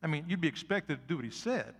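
A man's voice: a little high, expressive, quick pace, husky. Folksy older male preacher, big hall. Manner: folksy, swells to loud emphatic peaks, then drops soft. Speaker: pastor. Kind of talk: sermon. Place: church sanctuary.

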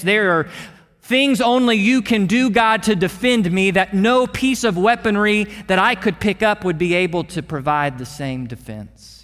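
High-voiced man preaching in a hall. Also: normal speed, fairly bright tone. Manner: earnest, with repeated words and dramatic drops in volume. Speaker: pastor. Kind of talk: sermon.

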